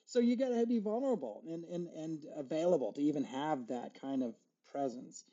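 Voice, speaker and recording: A man's voice: on the high side, brisk, warm tone. A man guest on a podcast, speaking reflectively, stammering and acting out his inner dialogue. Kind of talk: casual conversation. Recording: dull, muffled sound.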